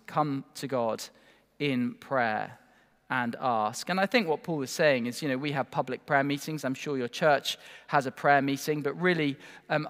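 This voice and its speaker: Earnest preacher in a reverberant hall. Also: male voice, mid-range voice, fairly bright tone. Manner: earnest, emphatic, with rhetorical asides. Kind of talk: sermon.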